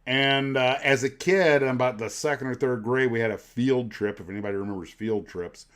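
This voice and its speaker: A man's voice: mid-range voice, brisk. Middle-aged American man, casual livestream host, rambling, nostalgic, chatty. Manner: rambling, nostalgic storytelling with asides. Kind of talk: casual chat.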